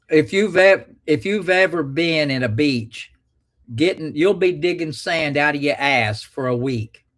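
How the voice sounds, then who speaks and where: A man's voice: a little high, lively intonation, a little slow, a bit bright. Folksy, crude-joking male radio host. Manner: folksy, crude, rambling humor. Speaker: call-in show host. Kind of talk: casual call-in talk.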